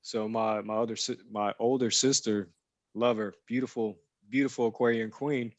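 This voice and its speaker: A man's voice: lowish voice, steady tone, moderate pace, no room sound. A man chatting casually on a podcast, telling a rambling family story and often checking that listeners follow. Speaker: podcast guest.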